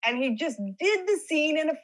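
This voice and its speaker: A woman's voice: high voice, animated, a little fast, low-quality recording. A woman guest in a casual chat, telling stories and acting out what others said. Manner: chatty storyteller, acting out others' words.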